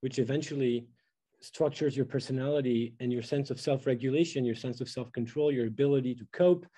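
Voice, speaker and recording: A man's voice: medium pitch, fairly quick, warm tone, husky, low-quality recording. A middle-aged man giving an academic lecture, thoughtful and full of fillers and restarts.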